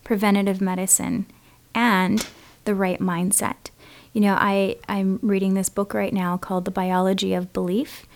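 A woman's voice: mid-range voice, level tone, normal speed. A woman co-hosting a podcast, talking in a chatty, enthusiastic way and laughing easily. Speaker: podcast co-host. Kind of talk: casual conversation.

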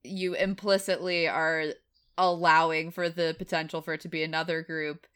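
A young woman from Tennessee talks through a film with her co-host in easy, chatty fashion. Her voice is bright and clear, and she laughs often between points. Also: deep voice, flat delivery, moderate pace. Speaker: podcast co-host. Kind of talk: casual film discussion.

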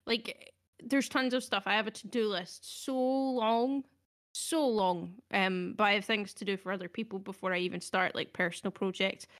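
A young woman hosting a casual podcast, speaking at an ordinary middle pitch. She is hesitant and self-deprecating, and fills her pauses with ums. Her delivery is relaxed chat rather than anything scripted. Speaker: podcast host.

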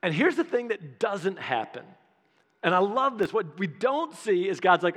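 High-voiced man preaching in a hall. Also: moderate pace. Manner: animated and conversational, acting out quotes. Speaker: pastor. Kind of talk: sermon. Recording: long hall reverb.

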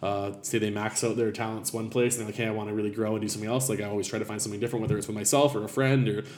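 A man's voice: fairly low pitch, level tone, racing, darkish tone, reverberant. A man, a chef talking casually about his restaurants in an interview, rambling with many fillers.

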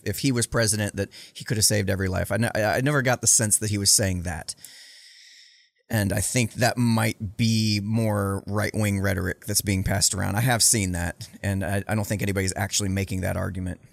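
A man's voice: fairly low pitch, gravelly, dry recording. A man hosting a livestream, reacting bluntly and with profanity to debate clips in casual commentary. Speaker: livestream host.

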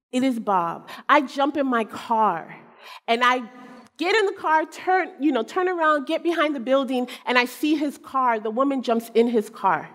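A woman preacher telling a personal story in a sermon, animated and self-mocking, acting out the people in it. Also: sits high. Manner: animated, acts out quotes, self-mocking humor. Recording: long hall reverb.

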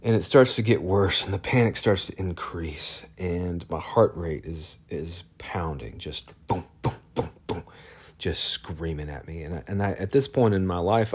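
A man telling a personal story in a casual, halting way, with many fillers and restarts. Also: sits low, slightly rough.

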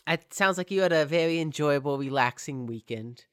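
A man's voice: fairly high pitch, animated, normal speed, fairly bright tone, smooth. A man co-hosting a casual chat, laughing often and giving short reactions.

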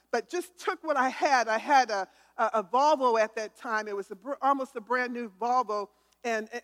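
A woman's voice: a little high, fairly bright tone. A woman giving an emphatic testimony sermon, calling for responses from listeners and often restarting words. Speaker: testimony speaker. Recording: hall reverb.

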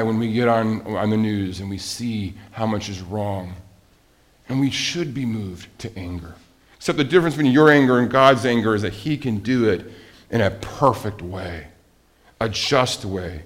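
A man preaching a sermon as a pastor, animated, with rhetorical questions and swings from loud emphasis to quiet asides. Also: fairly low pitch.

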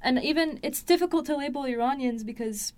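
A woman's voice: high voice, a little fast. A young woman born in France, talking in a casual interview, rambling with many fillers and restarts and laughing often.

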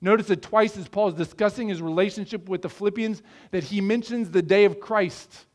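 A man's voice: high voice, brisk. A middle-aged man from the American Midwest preaching a sermon, earnest and conversational, asking his listeners questions. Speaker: pastor.

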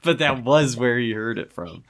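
A young man in casual chat, talking in a relaxed way and often pausing with "um" as he recounts stories. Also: mid-range voice. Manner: relaxed, many "um" pauses while recounting.

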